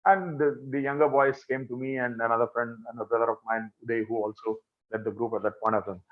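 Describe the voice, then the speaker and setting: Indian man telling a lively story. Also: medium pitch, fast, narrow, tinny audio. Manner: animated, acts out quoted dialogue. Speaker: speaker at a spiritual gathering. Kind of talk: storytelling talk.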